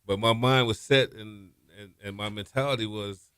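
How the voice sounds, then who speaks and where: Man in his fifties, kinda low voice, easy storyteller, dry mic. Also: moderate pace, smooth, no echo. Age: 50s. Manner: relaxed storyteller, trails off softly. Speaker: former college quarterback guest. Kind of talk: interview storytelling. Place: radio studio.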